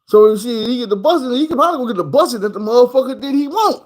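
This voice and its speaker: A man's voice: very high voice, rapid-fire, poor audio. A man casually telling a story in loose, profane street talk, acting out the people in it. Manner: animated, acts out the people in his story. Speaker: streamer.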